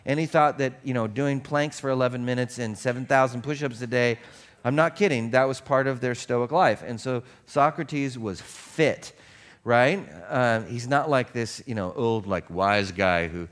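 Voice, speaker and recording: A man's voice: mid-range voice, normal speed. A male pastor preaching a casual, joking sermon, telling stories in a conversational way.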